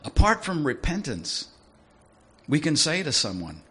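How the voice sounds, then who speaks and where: A man preaching a sermon in a lively, conversational way, often asking his listeners questions. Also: fairly high pitch, a little slow, slightly rough. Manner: animated, conversational, asks the audience questions.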